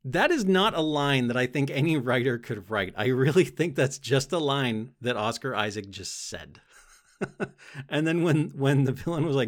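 A young man hosting a casual solo podcast, rambling excitedly about a show, swearing often and laughing between thoughts. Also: medium pitch, normal speed. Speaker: podcast host.

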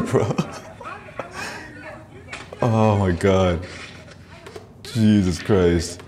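Low-voiced man, profane, laughing. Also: darkish tone. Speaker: podcast host. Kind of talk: casual commentary on videos.

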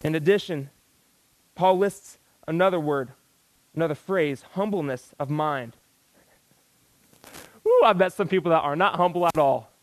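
A man's voice: fairly high pitch, normal speed, long pauses, no room sound, low-quality recording. A man preaching a sermon in a folksy, exclamatory way, breaking into sudden outbursts.

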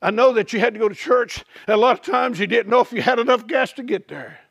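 A booming, fatherly God calls out reassurance, played by a male preacher. The voice rides high and bright with a gravelly edge, in a dry close sound. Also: big pitch swings, unhurried, dry recording, highs cut off, full character voice. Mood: tender. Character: God, a booming all-knowing father welcoming souls.

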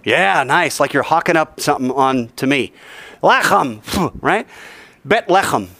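A male teacher giving an animated classroom lecture, quizzing the class and joking as he goes. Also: on the high side, normal speed, dry recording.

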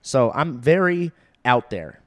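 A man's voice: mid-range voice, very animated, slow. A young man co-hosting a podcast, bluntly telling a bar story with plenty of swearing. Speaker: podcast co-host. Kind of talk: casual chat.

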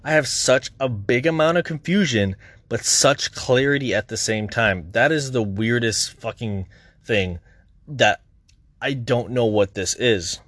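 A man's voice: medium pitch, measured pace, fairly bright tone, no echo. A young man talking through his worries in a candid, rambling vlog, swearing often. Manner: rambling, restless, swears a lot. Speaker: content creator. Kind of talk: candid personal vlog monologue.

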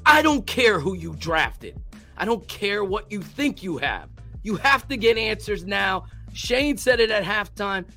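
A man on a live post-game show, ranting angrily about his football team with heavy swearing and shouting. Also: high-pitched, sing-song, a little slow, soft background music. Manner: profane, shouting rant. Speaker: podcast co-host. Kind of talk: post-game sports rant.

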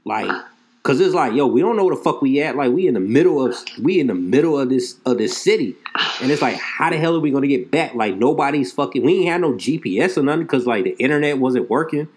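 A man co-hosting a casual chat, telling an animated, profane story. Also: mid-range voice, fast.

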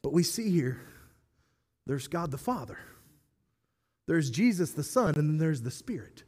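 High-voiced, enthusiastic male pastor. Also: very animated, measured pace, darkish tone, slightly rough. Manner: enthusiastic, conversational, self-deprecating humor. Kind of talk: sermon.

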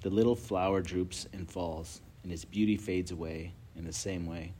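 A man's voice: deep voice, fairly even intonation, moderate pace, mellow, a little hiss or hum. A man leading a casual group Bible study, telling stories with lots of filler words and reading Scripture aloud.

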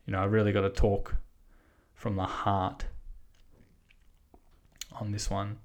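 A man's voice: on the low side, level tone, slow, darkish tone. An Australian man giving a casual, rambling podcast recap, swearing freely as he talks. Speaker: podcast host.

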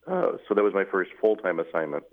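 A man, a newly appointed bishop, recounting his past in an interview in a measured, halting way with many fillers. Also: sits low, sing-song. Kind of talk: interview conversation, recounting memories. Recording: phone-like narrow band, radio broadcast.

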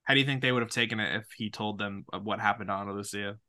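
A podcast co-host with a bright, sharp-edged voice walks through TV scenes step by step. Between recaps, the co-host trades teasing back-and-forth with a sibling. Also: medium pitch, steady tone, fast. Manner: narrates scene recaps, then banters. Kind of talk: casual recap chat.

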